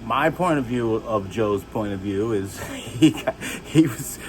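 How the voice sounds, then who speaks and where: A man telling rambling, halting stories about his childhood, jumping from one memory to the next. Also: expressive, noisy background. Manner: rambling, halting, restarts and jumps between stories; shouts and jumps high when acting out others. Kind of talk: rambling personal storytelling.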